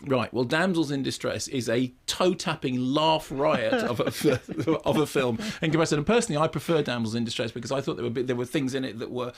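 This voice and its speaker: A man's voice: mid-range voice, lively intonation, brisk, few pauses. A wry man reviewing a film on the radio. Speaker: film critic.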